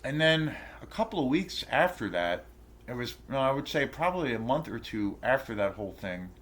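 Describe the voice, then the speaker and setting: With a fairly bright, mid-range voice that swings widely in pitch, a channel host rants to camera at normal speed. The story is indignant and profane, wandering along with lots of fillers and restarts.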